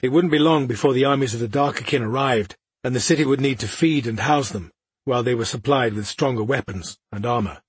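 A man narrating a fantasy audiobook in a steady, measured reading style. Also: medium pitch, slightly rough, no room sound.

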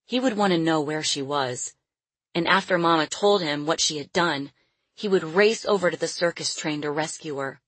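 A woman reading a novel aloud as a narrator in measured storytelling. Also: low voice, fairly bright tone, husky, no room sound. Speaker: audiobook narrator. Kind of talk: scripted narration.

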